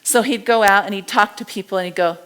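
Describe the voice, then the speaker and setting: A middle-aged woman teaching a live body language class, animated and acting out what people say. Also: medium pitch, fast talker, smooth. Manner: animated, acts out quotes and gestures.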